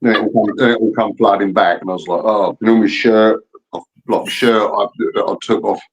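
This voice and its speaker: Man, lowish voice, blunt swearing storyteller, casual chat. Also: fairly even intonation, a little fast, highs cut off. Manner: blunt, profane, laddish storyteller.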